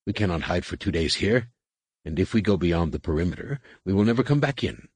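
A man's voice: low-pitched, expressive, brisk, husky, no echo. A man voicing a proud, desperate male warrior who speaks with fierce emphasis in an audiobook. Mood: urgent.

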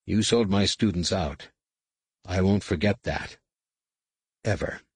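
Man doing a calm male Jedi master, quiet, measured, deep, dry. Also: slightly rough, dry recording, heavily acted. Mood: grave.

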